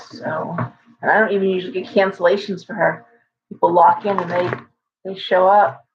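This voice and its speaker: A woman talks on a casual live stream in a rambling storyteller's way, often breaking off and restarting her sentences. Her voice has a gravelly fry to it, and the stream audio sounds dull and lo-fi. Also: mid-range voice. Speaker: shop owner hosting a live stream. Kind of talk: casual livestream chat.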